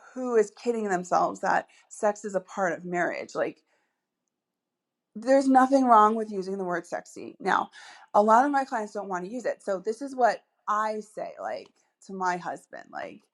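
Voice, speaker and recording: A woman hosting a solo podcast as a dating coach, chatty and upbeat, with many asides and fillers. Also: medium pitch.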